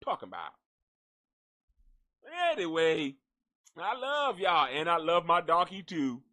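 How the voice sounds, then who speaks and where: A man's voice: on the high side, sing-song, slow, pushed and bright. A man hosting a live gossip stream, rambling and cursing in a jokey, casual way as he signs off. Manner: profane, rambling, jokey, talks to an unseen donkey.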